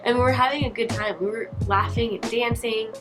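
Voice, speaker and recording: A woman vlogger spins a casual storytime in an animated, chatty rush, swearing freely. Her voice sits a little high. Clear music plays behind her. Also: fairly quick.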